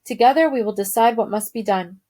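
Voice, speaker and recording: A blustering, panicky father mouse played by a woman reader booms his worries in a storybook. His voice sits fairly high and gets loud and theatrical. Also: fairly quick, lightly acted. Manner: loud, dramatic, shouting in despair.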